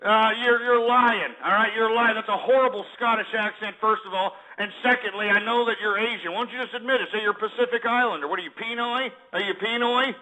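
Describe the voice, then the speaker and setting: A man hosts a comedic call-in show with a high, piercingly bright voice. He talks in brash, mocking, boastful shock-jock patter and teases his callers relentlessly. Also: fairly even intonation, fairly quick, hardly any pauses, low-quality recording. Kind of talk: comedic call-in radio parody.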